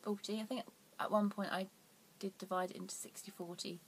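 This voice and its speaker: A woman's voice: mid-range voice, little pitch movement, brisk. Woman, young adult, knitting vlog host, casual rambling chat, self-deprecating, trails into whispers, faint background hiss.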